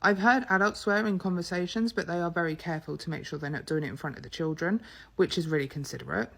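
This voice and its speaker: A woman's voice: lowish voice, quick pace, gravelly, fairly bright tone. An English mother with an English accent, talking to camera in an earnest, chatty way. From England. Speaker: mother and vlogger. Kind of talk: casual talk to camera.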